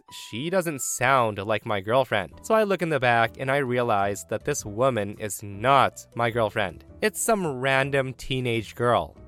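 A man's voice: medium pitch, fairly bright tone, clean tone. A man reading a story aloud, telling it with energy and acting out his own panicked lines. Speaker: story narrator.

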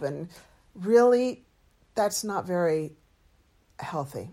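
A middle-aged woman and doctor hosting a podcast, telling a personal story in an earnest, open, expressive way with lively swings in tone. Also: deep voice, slow, pauses often. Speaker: podcast host and medical doctor.

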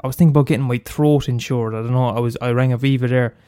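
A man's voice: medium pitch, fairly even intonation, rapid-fire, mellow, smooth, no echo, clean studio sound. An Irish man hosting a solo comedy podcast, blunt and sweary, mocking himself and repeating lines for effect. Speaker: podcast host.

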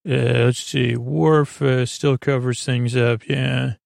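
A man with a gravelly, fry-edged voice casually retelling a TV episode, drifting along with plenty of ums and restarts. The recording is dry and close, with no room sound. He talks at an ordinary middle pitch. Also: fairly even intonation, slow pace, a little mellow, no room sound. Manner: rambling, loose, many fillers and restarts. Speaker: sleep podcast host.

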